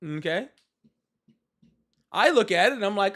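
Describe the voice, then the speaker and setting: A man's voice: high-pitched, expressive, measured pace, a bit bright. A man hosting a live political chat stream, talking in a sarcastic, mocking, rambling way. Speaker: livestream host.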